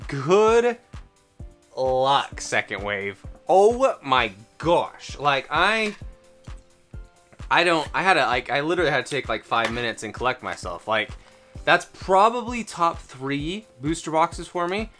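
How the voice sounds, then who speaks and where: A channel host giving excited unboxing commentary, gasping out exclamations and rattling off quick counts, the voice a little strained from excitement. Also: mid-range voice, soft background music. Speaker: card-opening channel host.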